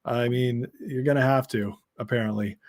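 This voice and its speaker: A man's voice: medium pitch, fairly even intonation, moderate pace, darkish tone. Sarcastic man hosting a political livestream. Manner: sarcastic, reads headlines and chat aloud, laughs often. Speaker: political commentary show host. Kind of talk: live-stream political commentary.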